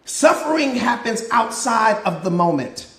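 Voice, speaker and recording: Male mindset coach, very high voice, preachy live motivational talk full of repetition, echoey room. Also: big pitch swings, a little slow, vocal fry, a bit bright. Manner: preachy, repetitive, fires rhetorical questions; greets viewers by name mid-talk.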